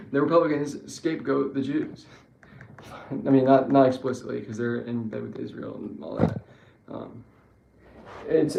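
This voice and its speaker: A man's voice: mid-range voice, vocal fry, dark tone, slight background noise. A man giving a rambling, profane political monologue who keeps correcting himself. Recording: echoey room with faint ambience.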